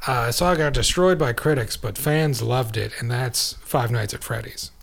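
Gravelly man trading quips on a podcast. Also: medium pitch, fairly bright tone. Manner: quick to laugh, teasing asides. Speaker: podcast co-host. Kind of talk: casual chat.

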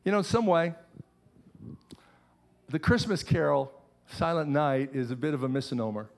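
Middle-aged pastor guy preaching, earnest, says things twice, voice a bit high. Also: expressive, normal speed, vocal fry. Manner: earnest preaching with repeated phrases. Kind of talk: sermon.

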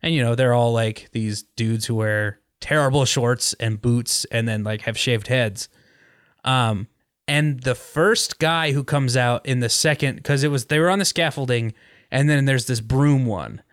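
A man's voice: medium pitch, unhurried, fairly bright tone, no echo, studio quality. A man hosting a podcast, telling a rambling story in casual chat with lots of fillers. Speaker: podcast host.

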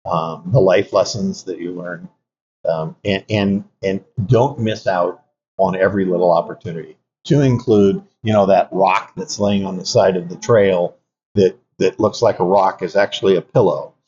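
A man's voice: low voice, steady tone, normal speed, a little mellow, slight background noise. An older man, an Army veteran, telling reflective stories in an interview, with frequent fillers and restarts. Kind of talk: conversational interview storytelling. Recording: dull lo-fi audio.

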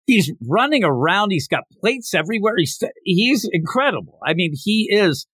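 A man's voice: normal speed, breathy edge, no echo. A man co-hosting a manga review podcast, casually retelling a story and acting out the characters' lines. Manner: animated retelling, acting out quotes with raised pitch. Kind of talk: casual chat.

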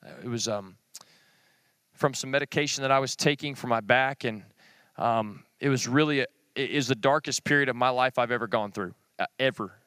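A man's voice: medium pitch, bright, forceful tone, clear, resonant tone, dry recording. Earnest man preaching. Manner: earnest, plain-spoken, with quick short phrases. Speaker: Bible teacher. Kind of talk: sermon to a men's group.

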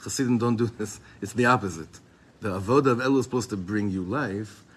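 A man's voice: fairly low pitch, a little fast, husky. A man giving an informal Torah class to a group, talking casually with many restarts and Hebrew terms mixed in. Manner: casual and rambling, sprinkled with Hebrew and Yiddish terms; frequent restarts and fillers, chuckles often. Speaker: Chabad teacher giving a class.

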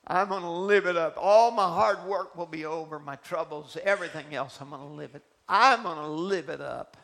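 A man preacher voicing a greedy, boastful gold miner who shouts and gloats over his riches. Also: a little high, normal speed, creaky. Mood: gloating.

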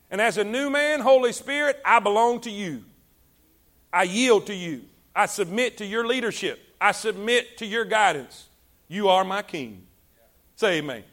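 High, bright-voiced preacher. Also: male voice, expressive, normal speed. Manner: exhorting congregation, call and response; rises and drops in volume for emphasis. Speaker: pastor. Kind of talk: sermon.

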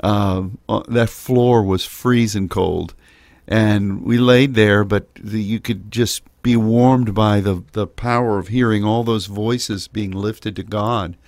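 Slow, deep-voiced man on ministry radio. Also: fairly even intonation, a little mellow, no room sound. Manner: halting, with many fillers and restarts. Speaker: co-host of a prayer ministry radio show. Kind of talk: casual chat.

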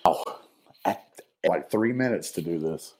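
A man's voice: sits low, lively intonation, a little slow, darkish tone, low-quality recording. A man who is a guest on a talk show, telling stories casually and reflecting earnestly, rambling with lots of fillers. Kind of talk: casual storytelling and heartfelt reflection.

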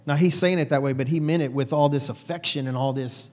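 A man telling a personal story to an audience in a folksy, animated way. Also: on the high side, a little fast, few pauses. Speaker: speaker.

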